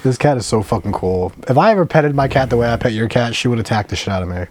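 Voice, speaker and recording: A man's voice: medium pitch, lively intonation, fast talker. Profane young man hosting a noisy podcast. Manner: loose, profane, laughing banter. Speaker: podcast host. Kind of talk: casual chat. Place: home room with a cat. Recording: noisy home podcast recording.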